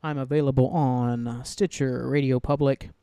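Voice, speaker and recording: A man's voice: mid-range voice, fairly even intonation, normal speed, mellow, clear, resonant tone, no room sound. A man hosting his own solo podcast, talking casually and ranting heatedly, swearing a lot and rambling with many fillers. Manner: heated, profane, rambling with frequent "like". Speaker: podcast host.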